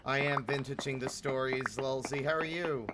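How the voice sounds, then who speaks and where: Chatty streamer over loud noise. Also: medium pitch, steady tone, moderate pace. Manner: rambling, chatty, swears casually. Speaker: livestreaming gamer. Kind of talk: casual live stream chat.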